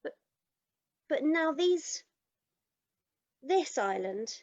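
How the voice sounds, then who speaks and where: A woman's voice: high-pitched, sing-song, extremely slow, darkish tone, dull audio, full character voice. A woman playing a defensive, matter-of-fact wife. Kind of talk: live improv comedy. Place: live stage show.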